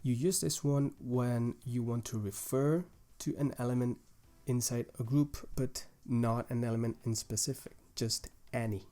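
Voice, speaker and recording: A young man with a mellow, darker tone teaches a language lesson. He explains grammar rules patiently and methodically, one step at a time, sometimes restarting a phrase as he goes. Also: mid-range voice.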